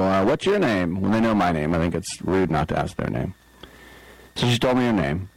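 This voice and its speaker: A man's voice: sits low, expressive, a little fast, dry recording, rough recording. A middle-aged man hosting sports talk radio, telling a rambling story and acting out the people in it. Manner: rambling storyteller, acts out quoted voices. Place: radio studio. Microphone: studio microphone.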